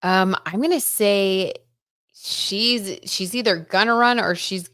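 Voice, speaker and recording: A young woman hosting a casual live-stream tarot reading, chatty and excitable, reading out viewer comments and reacting with frequent exclamations. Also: medium pitch, slow pace, no room sound, clean studio sound. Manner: chatty and excitable, lots of "oh my god" and "like".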